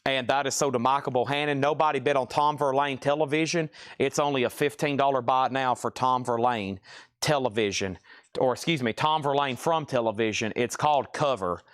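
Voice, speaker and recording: A man hosting a live record sale stream, rattling off items, grades and prices in a brisk, matter-of-fact way. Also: medium pitch, fairly even intonation, clean tone, no echo, clean studio sound. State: briefly out of breath. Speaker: livestream record sale host. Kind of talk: live sales patter.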